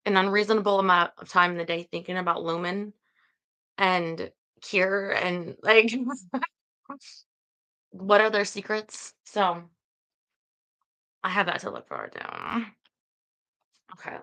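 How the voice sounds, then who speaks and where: A woman's voice: mid-range voice, sharp tone, poor audio. A young woman streaming live, chatting casually with her viewers, laughing often and reading out their comments. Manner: chatty, giggly, reads chat aloud.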